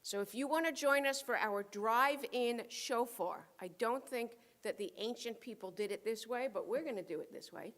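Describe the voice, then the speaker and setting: A woman leading a holiday service in a casual, excitable and exclamatory way. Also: a little high, moderate pace, hardly any pauses. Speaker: service leader.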